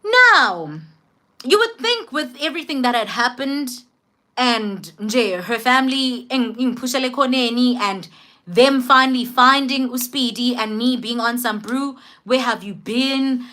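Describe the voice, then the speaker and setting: A young woman with a South African accent telling a storytime vlog in an animated, emphatic way. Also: fairly high pitch, measured pace. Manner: animated, code-switching, emphatic. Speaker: vlogger.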